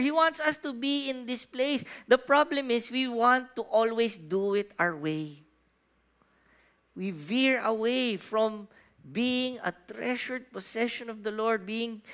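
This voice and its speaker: A man with a Filipino accent, preaching a sermon in church, animated and asking the congregation questions, moving between soft and loud. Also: very high voice, smooth. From Philippines. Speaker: pastor.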